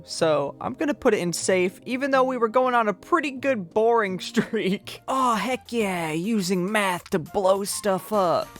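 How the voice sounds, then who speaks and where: A young man giving comedic, exaggerated commentary on game minigames. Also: high voice. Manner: joking, exaggerated, briefly puts on a southern drawl. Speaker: gaming video host. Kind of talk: comedic commentary over gameplay. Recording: music bed behind voice. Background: faint background music.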